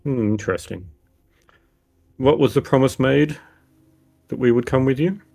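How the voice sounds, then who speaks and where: Gravelly low-voiced man questioning in character. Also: moderate pace, faint music behind. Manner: calm, probing questions. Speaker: player. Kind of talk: tabletop role-play.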